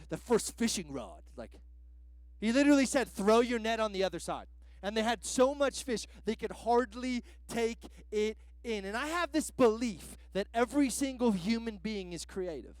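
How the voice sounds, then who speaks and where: A guest pastor, a man, preaches in a loose, conversational way, leaning on slang and "like" fillers. His voice sits very high and moves around a lot in pitch. The sound is dry and close, with little room in it. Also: no echo. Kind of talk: sermon.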